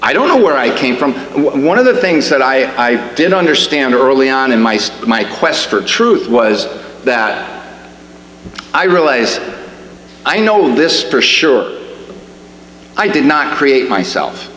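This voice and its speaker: Preacher in an echoey church hall. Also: male voice, medium pitch, very animated, a little slow, a bit bright. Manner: conversational, rising to emphatic on questions, with restarts. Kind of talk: sermon. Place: church sanctuary. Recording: echoey hall with faint hum.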